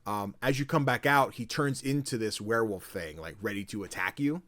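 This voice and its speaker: Animated storytelling man, dry mic. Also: lowish voice, brisk, dry recording. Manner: animated storytelling, acts out quotes, swears casually. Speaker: podcast co-host. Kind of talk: casual chat.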